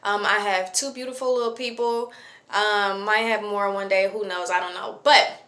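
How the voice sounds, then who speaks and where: A woman in her late twenties, a vlogger, talks casually to camera about parenting in a mid-range, steady voice that's pushed and bright, at a moderate pace. She's chatty and reflective and uses lots of fillers.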